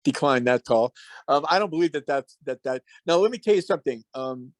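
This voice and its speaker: A man hosting a casual talk, earnest and reflective, with halting restarts. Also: mid-range voice, animated, no echo. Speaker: host.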